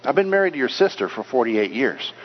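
A preacher plays an unbothered old man with a dry wit, answering in few, quiet words. The sound is muffled, with a long echo. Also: medium pitch, very animated, brisk. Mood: wry.

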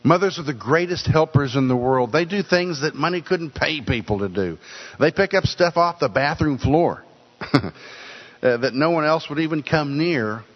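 A man's voice: on the high side, expressive, moderate pace. An older man preaching a sermon in an earnest way, often repeating words for emphasis. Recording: dull sound with long hall reverb.

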